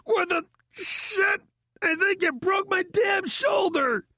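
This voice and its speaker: A man voicing a crude, brash agent in pain, with a high, strained yell. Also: fairly even intonation, measured pace, no room sound, clean studio sound, natural voice.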